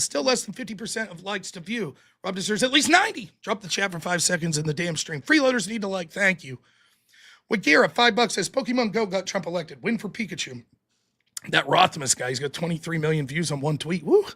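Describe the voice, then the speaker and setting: With a high-sitting voice, lively intonation and sharp tone, a political call-in host combatively grills callers in quick succession, swearing freely, then reads out the donations.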